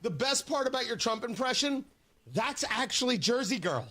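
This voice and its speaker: A man's voice: very high-pitched, expressive, normal speed, sharp tone. A man hosting a morning radio show, chatting casually, laughing easily and tripping over his words. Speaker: radio talk host.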